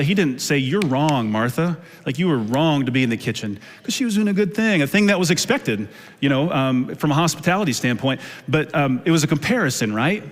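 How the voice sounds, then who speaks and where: A man in his thirties preaching a sermon as a pastor, telling stories in a relaxed, conversational way and acting out quotes playfully. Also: medium pitch. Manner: casual storytelling with playful acted quotes. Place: church auditorium. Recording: long reverb of a large hall.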